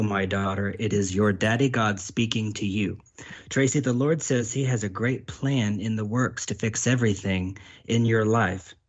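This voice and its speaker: Brief: low-pitched male prophet, earnest and repetitive, voices God in first person, dull lo-fi recording. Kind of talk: delivering prophetic words.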